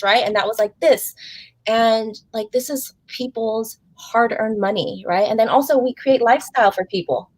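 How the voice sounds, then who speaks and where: A woman's voice: fairly high pitch, moderate pace, a little mellow, no room sound. A woman hosting an interview show, talking with effusive, gushing enthusiasm and calling the audience "guys.". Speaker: host.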